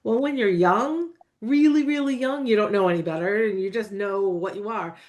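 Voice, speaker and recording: A woman's voice: medium pitch, normal speed, a little mellow. A woman hosting a podcast interview, affirming and encouraging as she reflects on her guest's story. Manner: encouraging, affirming, backchannels often with mm and yeah. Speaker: podcast host.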